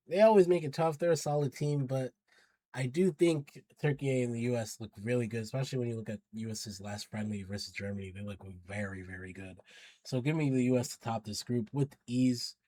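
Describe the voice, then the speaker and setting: With a mellow, mid-range voice and no echo, a football pundit vlogger chats through his predictions casually. He uses slang, hypes up teams, and hedges his picks as he talks.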